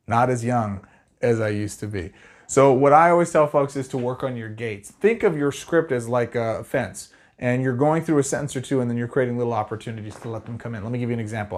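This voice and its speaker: A middle-aged sales trainer from Arizona gives sales tips straight to the camera, talking fast in an energetic, conversational style. His voice is medium-pitched.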